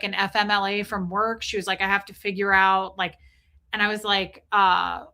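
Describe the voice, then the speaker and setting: A woman's voice: mid-range voice, bright, forceful tone. A middle-aged woman hosting a livestream, chatting in a rambling, emotional way and thanking viewers as she goes. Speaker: livestream host. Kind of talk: casual livestream chat.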